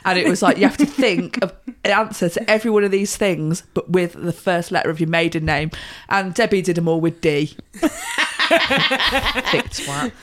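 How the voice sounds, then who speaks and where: A woman's voice: on the low side, moderate pace. A woman co-hosting a podcast, chatting casually, teasing and blunt with frequent giggles. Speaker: podcast co-host. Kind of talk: casual chat.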